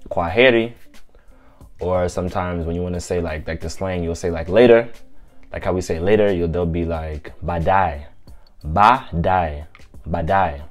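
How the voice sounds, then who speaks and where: Deep-voiced male tutor, casual and unscripted, says each phrase over slowly, faint music underneath. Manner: repeats phrases slowly and clearly; relaxed, loose explaining with fillers. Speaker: language teacher. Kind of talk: casual language lesson.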